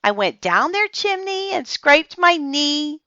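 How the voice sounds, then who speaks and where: Excited little girl rambling on , lady reader doing her, storybook. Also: high-pitched, slow pace, no echo, lo-fi sound, pitched above the performer's own voice, heavily acted. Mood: eager. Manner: breathless rambling.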